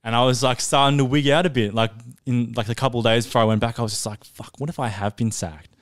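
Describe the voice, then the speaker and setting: A man's voice: mid-range voice, steady tone, fast talker. Young man telling a sweary story. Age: young adult. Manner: laid-back, sweary, laughs while telling. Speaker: podcast co-host. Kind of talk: casual storytelling chat. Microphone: podcast studio mic.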